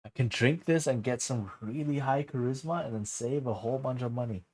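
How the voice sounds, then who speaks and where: A man's voice: mid-range voice, brisk, darkish tone, no room sound. A man streaming a game, tired and yawning, thinking aloud and joking casually. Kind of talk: casual gameplay commentary.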